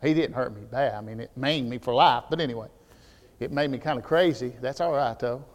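A man preaching a sermon as pastor, telling animated stories that build to near shouts. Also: mid-range voice, a little fast, in a large hall.

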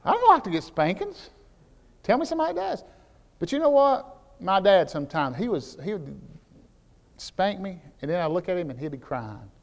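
A man preaching a sermon as pastor, telling animated stories that build to near shouts. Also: sits high, moderate pace, vocal fry, big-room sound.

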